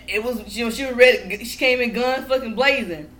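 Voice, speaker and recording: Give me a woman on a podcast, heated and profane, with a bright, slightly high voice. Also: animated, fast, few pauses. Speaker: podcast guest. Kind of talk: casual chat.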